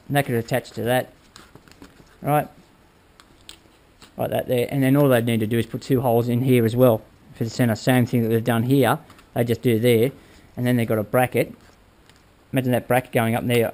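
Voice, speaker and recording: A man's voice: mid-range voice, fairly even intonation, fairly quick, a little mellow. Chatty man explaining his bike build. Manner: rambling, hands-on, addresses viewers with "all right?". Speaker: motorbike build vlogger. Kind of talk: casual workshop how-to talk.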